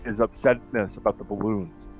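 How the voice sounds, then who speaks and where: A man's voice: lowish voice, fairly even intonation, normal speed, creaky, breathy edge, faint music behind, poor audio. A man hosting a casual podcast, talking sarcastically and swearing freely. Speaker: podcast host. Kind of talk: casual chat.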